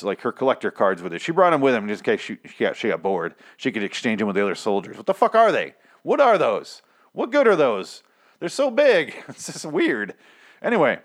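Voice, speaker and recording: A young man recapping a TV episode casually, rambling, swearing and breaking off mid-sentence. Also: fairly low pitch. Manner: rambling, profane, self-interrupting. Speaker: TV reviewer.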